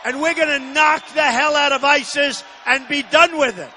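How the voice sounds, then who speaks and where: Older man on the stump: sharp, forceful tone, emphatic and repetitive, booming through a big reverberant hall. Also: moderate pace, a little hiss or hum. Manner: emphatic, repetitive, punchy phrasing; shouts some lines. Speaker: political candidate. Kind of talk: campaign rally speech. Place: large rally venue. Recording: long reverb of a large hall.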